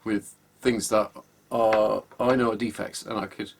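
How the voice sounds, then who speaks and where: A man's voice: fairly low pitch, fairly even intonation, measured pace, gravelly, slight background noise. A man giving casual, wry workshop commentary as he sets up a guitar, hesitating often and sounding exasperated, recorded on a camera microphone in an indoor workshop. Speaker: guitar repairer.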